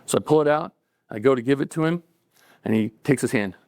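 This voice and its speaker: A man's voice: mid-range voice, brisk, vocal fry, darkish tone, no room sound, studio quality. Man telling a story live, conversational. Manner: conversational, acting out dialogue, chuckling between lines. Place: cafe event stage.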